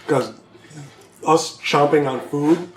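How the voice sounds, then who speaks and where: A man's voice: on the high side, slow. Casual game master, male, jokey and reassuring, room echo and background noise. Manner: joking, reassuring. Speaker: game master recording the session. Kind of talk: casual chat among friends. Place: home room around a game table.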